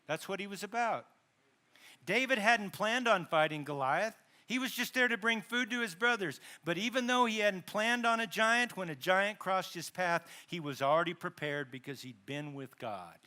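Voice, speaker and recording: A man's voice: high voice, pushed and bright. A male pastor preaching a sermon in a conversational way, with asides, self-corrections and dramatized quotes. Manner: dramatizes quotes with rising emphasis.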